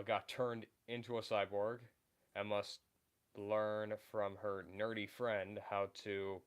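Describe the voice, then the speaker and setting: Young male streamer, deep, clean voice, loose rambling chat. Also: clean tone. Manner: rambling, many fillers and restarts. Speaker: livestream host. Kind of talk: casual livestream chat.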